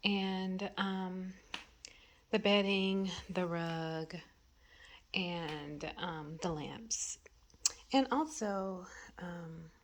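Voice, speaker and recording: Soft-spoken woman, half-whispering. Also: fairly low pitch, extremely slow, pauses often. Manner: rambling, many ums and trailing thoughts. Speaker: home decor vlogger. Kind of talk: casual thinking-aloud vlog. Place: her bedroom at home.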